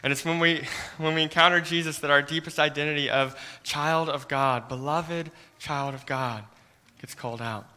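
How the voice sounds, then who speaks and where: Male pastor, sermon, bright clear tone, earnest, soft hushed passages, repeats words. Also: fairly high pitch, steady tone, moderate pace, hardly any pauses. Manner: earnest, often drops to a soft hush; repeats words when starting phrases.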